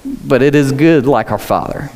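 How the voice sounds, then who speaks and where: A man's voice: mid-range voice, normal speed, a little mellow, big-room sound, a little hiss or hum, low-quality recording. A man preaching a sermon with earnest conviction and casual joking asides.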